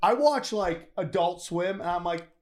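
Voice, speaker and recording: A high-pitched man in his forties argues in a heated podcast chat. He is loud and profane, and he cuts in often. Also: animated, a little slow. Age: 40s. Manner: loud, argumentative, profane, interrupting. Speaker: comedian podcast host. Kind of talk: heated casual debate.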